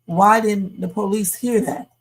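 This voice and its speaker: A woman's voice: medium pitch, unhurried, slightly rough. A woman hosting a live stream, chatting casually and thinking aloud as she replays clips.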